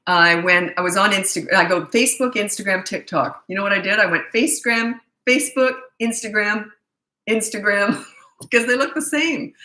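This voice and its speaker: Chatty, bright-voiced woman coaching parents live. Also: medium pitch. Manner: chatty, blunt and self-deprecating, laughs at herself. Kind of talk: casual live-stream chat answering viewer questions. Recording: echoey room.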